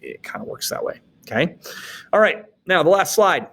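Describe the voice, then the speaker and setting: A man's voice: sits high, big pitch swings, moderate pace, gravelly, a bit bright. A man from Wisconsin, a teacher, recapping the day's lesson in a casual way, with joking asides and frequent "okay?" check-ins. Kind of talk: recorded class recap lecture.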